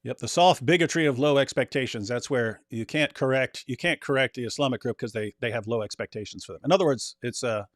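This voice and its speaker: A man's voice: mid-range voice, fast talker, few pauses, no echo, clean studio sound. A man co-hosting a casual political chat, loose and talkative, laughing often and slipping into mocking voices. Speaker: co-host.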